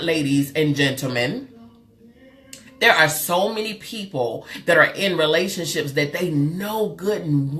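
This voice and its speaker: A woman hosts a live stream from her webcam, chatting with her viewers. Her voice sits a little low, but it jumps up and down a lot as she goes. She is lively and talky, and she calls people girl and honey. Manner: loud, expressive swings in pitch. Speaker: live show host and therapist.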